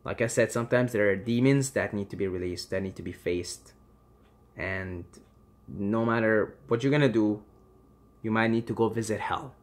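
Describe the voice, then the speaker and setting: A man giving impassioned advice to camera, emphatic and swearing freely, swinging between loud urging and quiet reassurance. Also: fairly low pitch, moderate pace. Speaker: vlogger.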